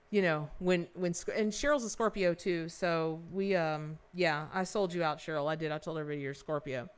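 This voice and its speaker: Smooth-voiced, effusive woman tarot reader. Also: on the low side. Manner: effusive, rambling, many restarts; folksy and affectionate with viewers. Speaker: tarot reader and livestream host. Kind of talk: live-stream tarot reading.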